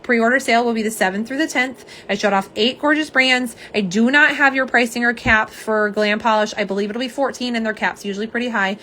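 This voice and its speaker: A young woman hosting a casual live stream, slightly hoarse, chatty and self-deprecating as she talks to viewers. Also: fairly high pitch, a little fast, few pauses, sharp tone, a little hiss or hum. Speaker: live stream host showing nail polish swatches.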